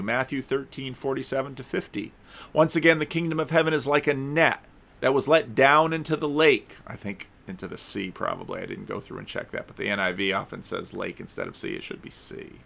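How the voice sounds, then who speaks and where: A man's voice: medium pitch, steady tone, moderate pace, gravelly, a bit bright. A man giving a conversational sermon, reading scripture aloud and breaking off for wry, casual asides, with occasional stumbles and restarts. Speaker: preacher.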